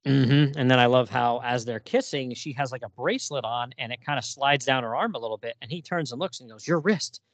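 A man's voice: mid-range voice, no room sound. Laughing man recapping a comic. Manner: laughs often, reads lines aloud in quick put-on voices. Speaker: podcast co-host. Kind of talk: casual chat recapping a comic.

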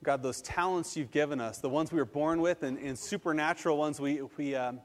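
A male pastor giving a lively sermon, acting out quotes and then leading a prayer. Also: fairly high pitch, a little fast, big-room sound. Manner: animated, acts out quotes and leads prayer.

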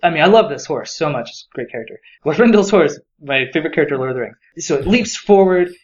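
A man's voice: a little high, lively intonation, fast talker, lo-fi sound. A man co-hosting a podcast, talking enthusiastically about a book and rambling with many fillers. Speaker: podcast co-host. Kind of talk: casual book discussion.

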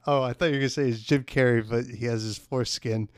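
A man's voice: medium pitch, steady tone, fast talker, no echo, studio quality. A man chatting casually as a podcast co-host, telling rambling stories full of fillers. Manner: rambling storyteller, heavy on "like" fillers. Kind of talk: casual chat.

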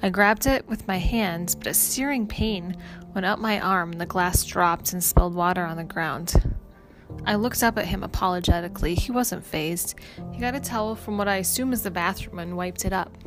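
Low-voiced woman narrating a story. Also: moderate pace. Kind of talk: scripted first-person narration. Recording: music playing underneath.

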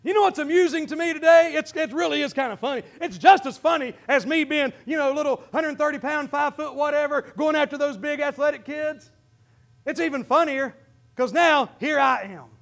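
A pastor with a Midwestern American accent preaching a fervent sermon, often breaking into shouts and calling out to his congregation. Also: extremely high pitch, a little fast.

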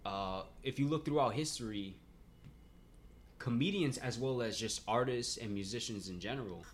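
A man's voice: medium pitch, moderate pace. A man hosting a podcast in casual chat, laid-back and profane, often calling people "man" and "dude". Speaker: podcast host.

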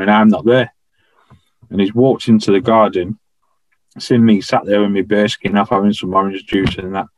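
A man tells anecdotes in a relaxed, chatty way, full of regional turns of phrase. His voice sits fairly low. The sound is dry and close, with little room around it. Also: no room sound, rough recording. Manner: chatty anecdotal, dialect grammar like "I was stood". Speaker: podcast guest, former royal guardsman. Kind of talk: casual storytelling.

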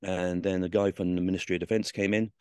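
A man's voice: deep voice, flat delivery, fast, a little mellow, clean tone, no room sound, clean studio sound. A man, a podcast guest, recalls his past in a rambling, swearing storytelling style, full of fillers and restarts. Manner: swears freely, acts out quoted voices. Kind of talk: telling stories from his past in an interview.

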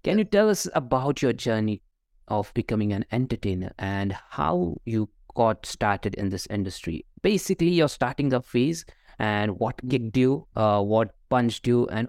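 A man hosting an audio interview, asking questions with a hesitant, halting delivery. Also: medium pitch, expressive, a little mellow, dry recording, clean studio sound. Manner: hesitant, many fillers and restarts. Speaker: podcast host interviewer.

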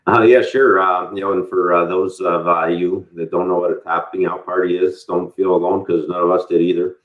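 A man's voice: low-pitched, little pitch movement, fairly quick. A company leader answering an interview question, a man rambling with many hesitations. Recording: tinny phone-like audio.

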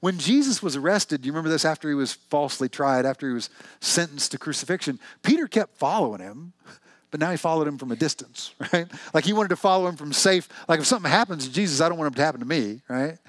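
A male pastor delivers a sermon in a lively, conversational style, asking his listeners one question after another. His voice sits a little high for a man. The recording is close and dry. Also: fast talker, no room sound. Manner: conversational, animated storytelling with rhetorical questions.

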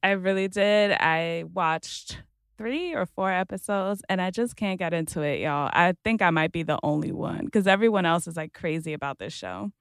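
A woman co-hosting a podcast in casual chat, relaxed and candid, saying "y'all". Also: fairly low pitch, moderate pace, smooth, no echo, studio quality. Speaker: podcast co-host.

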